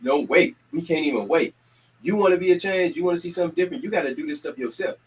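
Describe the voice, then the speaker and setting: A fast-talking community organizer and host fires up his audience with casual announcements, preacher-like repetition and energetic calls to action. His voice is a little high. The audio is rough.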